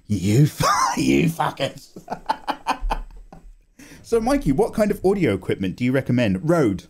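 A young man chatting casually on his art channel as he draws, animated and self-mocking, swearing and laughing as he goes, recorded on a condenser microphone at home. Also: medium pitch, slow pace, creaky, pauses often, husky. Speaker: art YouTuber. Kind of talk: casual chat while drawing.

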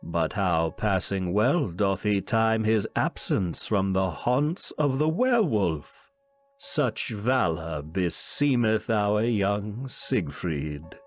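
A man's voice: on the low side, big pitch swings, slow pace, soft background music. A man voicing a mocking young nobleman in archaic speech.

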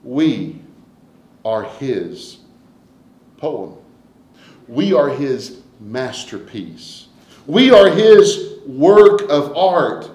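A man preaching a sermon as pastor, swinging from hushed asides to loud, emphatic declarations. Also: mid-range voice, sing-song, very slow, long pauses, reverberant, low-quality recording. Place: church sanctuary.

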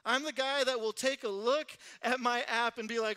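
A young male pastor giving a conversational, animated recovery sermon in church and laughing at himself. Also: very high voice, moderate pace, smooth.

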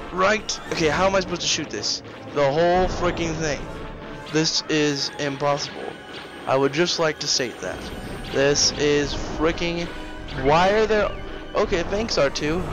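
A man giving casual, excitable commentary while playing a game, getting flustered and trash-talking it. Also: fairly high pitch. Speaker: let's play host. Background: game music and sound effects.

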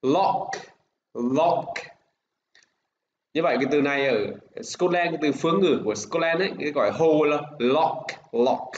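A Vietnamese man teaching an English lesson in his Vietnamese accent, who speaks slowly and repeats each word for his pupils to echo. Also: on the high side, lo-fi sound, a little hiss or hum.

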